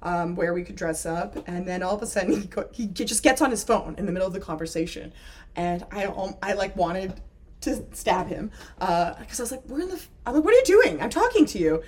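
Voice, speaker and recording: A woman's voice: medium pitch, lively intonation, fairly quick, darkish tone, slightly rough. A young woman, co-hosting a casual podcast chat and telling a story animatedly, acting out the quotes. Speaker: podcast co-host.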